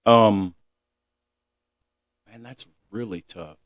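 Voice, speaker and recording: A man's voice: fairly low pitch, very slow, dry recording. Chill guy on a podcast saying dude a lot, kinda muffled, dry. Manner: laid-back, slangy, says "dude" a lot. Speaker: podcast guest, musician. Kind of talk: casual podcast chat.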